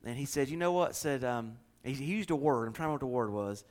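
A man's voice: mid-range voice, quick pace. A man preaching a sermon, telling homey stories with acted-out quotes and building to emphatic passages. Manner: folksy storytelling, acts out quotes, builds to loud preaching. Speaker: pastor.

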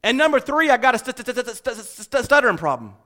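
Stuttering older shepherd, humble, pleading, played by a male preacher, high-pitched, swings between loud and quiet. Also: big pitch swings, fast, exaggerated voice.

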